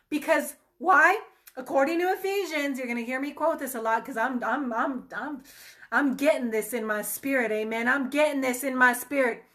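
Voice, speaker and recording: A woman's voice: high-pitched, bright, forceful tone. A woman ministering in a fervent online sermon, greeting viewers by name and repeating amen and hallelujah.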